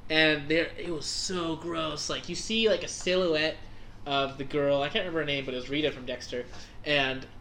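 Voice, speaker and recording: A man's voice: on the high side, steady tone, moderate pace, sharp tone, slight background noise. A man co-hosting a casual podcast chat, rambling and filling his speech with "like". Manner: rambling, many filler "like"s.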